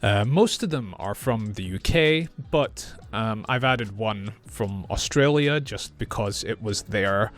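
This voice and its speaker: A man from Scotland with a Scottish accent, speaking clearly and slowly as an English teacher reacting to clips. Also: fairly low pitch, lively intonation. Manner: clear, slow and friendly teaching. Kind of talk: reaction video lesson.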